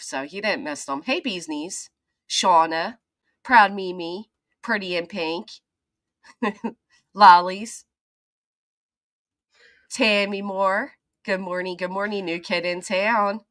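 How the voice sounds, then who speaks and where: A woman's voice: medium pitch, a bit bright, no echo, clean studio sound. A woman hosting a casual livestream, chatting and greeting viewers by name, swearing now and then. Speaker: channel host.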